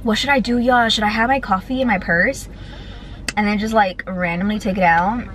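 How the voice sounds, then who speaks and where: A young woman in her twenties chatting excitedly to her phone camera while out and about, full of "y'all" and "like". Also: medium pitch, brisk, low-quality recording. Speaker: vlogger. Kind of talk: casual vlog chat to camera.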